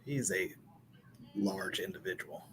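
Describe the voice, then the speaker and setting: A man's voice: sits low, unhurried, fairly bright tone, slight background noise. A man joining a podcast chat with short, dry, joking asides. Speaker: podcast panelist. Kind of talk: casual chat.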